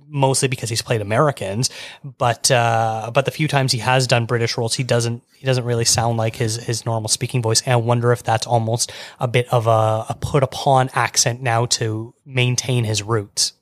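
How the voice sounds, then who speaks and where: A man's voice: mid-range voice, fairly even intonation, a little fast, dry recording, clean studio sound. A man hosting a podcast who thinks aloud with many restarts and laughs easily. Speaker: podcast host. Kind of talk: casual podcast discussion.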